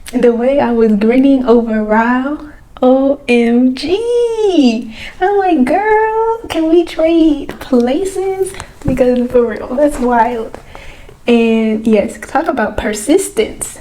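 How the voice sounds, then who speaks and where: A woman's voice: on the high side, warm tone, a little hiss or hum, poor audio. A young woman chatting casually on camera in a reading vlog, gushing and exclaiming, humming along often. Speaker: book vlogger. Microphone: camera mic.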